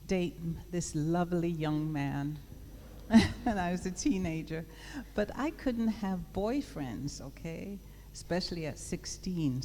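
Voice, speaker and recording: A woman's voice: lowish voice, a little mellow. A woman from England telling a church audience about her courtship in a chatty storytelling way, mimicking family voices. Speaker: pastor's wife. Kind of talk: personal testimony to a church audience. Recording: long hall reverb, faint background noise.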